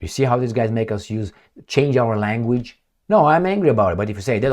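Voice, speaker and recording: A man's voice: mid-range voice, expressive, brisk, darkish tone. A man giving solo commentary on news stories, reading headlines aloud and answering them in a blunt, sarcastic way. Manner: blunt, sarcastic, reads headlines then rants. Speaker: political commentator.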